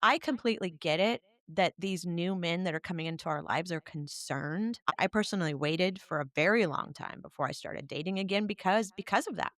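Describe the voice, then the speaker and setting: A woman's voice: fairly low pitch, brisk, hardly any pauses, a bit bright, dry recording, studio quality. A woman co-hosting a podcast, frank about personal matters and laughing often. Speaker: podcast co-host. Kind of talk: casual podcast chat.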